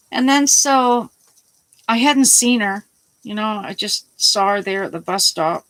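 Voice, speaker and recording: A woman's voice: medium pitch, lively intonation, a little slow, a bit bright, dry recording, poor audio. A middle-aged woman telling a story in a rambling, casual way, swearing now and then and restarting her sentences. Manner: rambling, salty, starts over mid-sentence. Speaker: vlogger.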